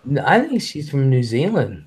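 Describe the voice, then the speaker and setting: A blunt man hosting a live stream in casual chat. He talks fast and swears freely, and his voice sits at a middling pitch. He reads chat messages out between his own remarks. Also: huge pitch swings, a little mellow, breathy edge.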